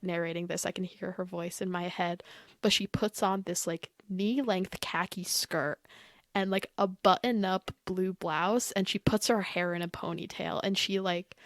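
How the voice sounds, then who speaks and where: A woman talking as a podcast guest in a casual chat, animated and opinionated, with lots of "like". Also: fairly low pitch, dry recording. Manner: animated, opinionated, heavy use of "like".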